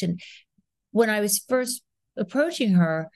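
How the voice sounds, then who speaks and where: A woman in her sixties, an actress, talking as a guest in a podcast interview, telling stories in an animated way and acting out rhythms and sounds. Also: mid-range voice, takes it slowly, dry recording. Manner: animated storyteller, acts out rhythms and voices.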